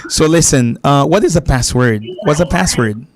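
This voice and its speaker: A man's voice: a little high, expressive, normal speed, slight background noise. A man hosting a call-in English lesson, patiently repeating and rephrasing his explanations for a caller. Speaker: English teacher and show host.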